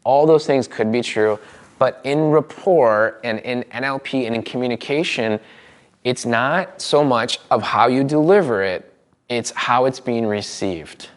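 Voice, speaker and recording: Middle-aged male coach running a live workshop, animated and demonstrative. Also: mid-range voice, measured pace. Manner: animated, demonstrating with his body. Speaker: NLP trainer. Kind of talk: live seminar teaching. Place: seminar room with audience.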